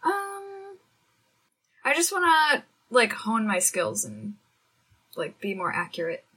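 A woman playing her character in a tabletop role-play game, friendly and eager, with a husky voice. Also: fairly high pitch, very animated, slow pace, pushed and bright. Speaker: player.

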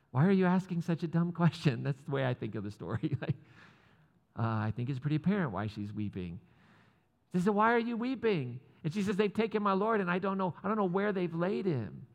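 Casual preaching man in a reverberant hall. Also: on the high side. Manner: casual, joking asides with laughs. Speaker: pastor. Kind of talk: sermon.

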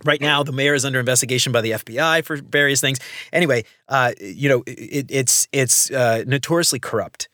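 A man hosting a podcast, telling animated, rambling stories in casual conversation on a close microphone. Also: mid-range voice, fairly quick, no room sound. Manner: animated storyteller, rambling asides. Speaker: podcast host.

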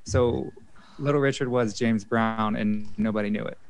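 A man chatting casually as a guest, telling stories in an animated way. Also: on the low side, normal speed, creaky, smooth. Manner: chatty, tells anecdotes. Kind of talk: casual chat.

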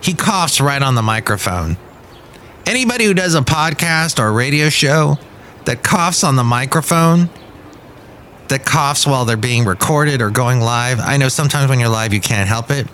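A man's voice: medium pitch, lively intonation, normal speed, fairly bright tone, slight background noise. A man hosting a podcast, riffing in a rambling, sardonic comedic monologue, recorded outdoors. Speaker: podcast host. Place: outdoors outside a café.

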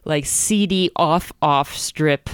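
A woman's voice: low voice, slow pace, clear, resonant tone, no room sound, clean studio sound. A woman co-hosting a comedy podcast, reading text aloud while giggling, groaning in mock disgust and breaking off to joke. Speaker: podcast co-host. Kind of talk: comic read-aloud of fan fiction.

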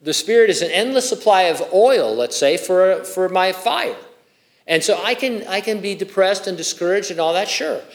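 A man's voice: high-pitched, expressive, normal speed. A male pastor preaching a sermon, reading scripture and adding conversational, joking asides.

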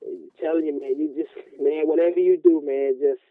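A man's voice: fairly high pitch, steady tone, brisk, dry recording. A man chatting casually as a podcast guest, joking and rambling, with lots of "you know" and "man". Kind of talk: casual chat. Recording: tinny phone line.

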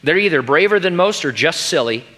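A woman's voice: sits low, expressive, fairly quick, fairly bright tone, voice pushed up. A man reading aloud as a homely, frank female beaver from a storybook. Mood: teasing.

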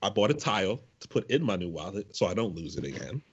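A man's voice: fairly low pitch, fast, dull audio, crowd noise. A young man co-hosting a podcast, telling stories in a joking, slangy way. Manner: animated, joking, slangy storytelling. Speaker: podcast co-host. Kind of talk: casual chat.

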